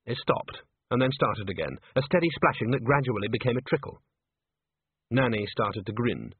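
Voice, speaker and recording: A man reading a story aloud in an expressive storytelling manner. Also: medium pitch, normal speed, breathy edge, dry recording. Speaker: audiobook narrator. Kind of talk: scripted narration. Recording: dry, tinny phone-like sound.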